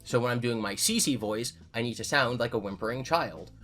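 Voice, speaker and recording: A man in casual commentary who thinks out loud and corrects himself as he goes. His pitch is mid-range. Faint music plays behind him. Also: normal speed. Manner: candid, self-correcting, talks things through. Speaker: YouTuber answering viewer comments.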